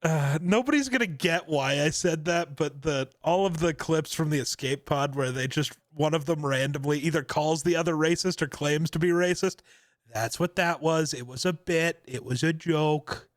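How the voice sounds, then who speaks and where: A man's voice: a little high, normal speed, dry recording. Joking young man, close dry mic. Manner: joking, bursts into laughter. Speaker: podcast co-host. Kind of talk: casual chat.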